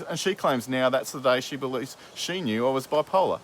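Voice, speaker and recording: A man with a mid-pitched, ordinary voice arguing with his father in a heated back-and-forth. He swears freely, cuts in over the other speaker and presses his points at length. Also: animated, a little fast, a little hiss or hum. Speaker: podcast host. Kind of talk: heated family argument.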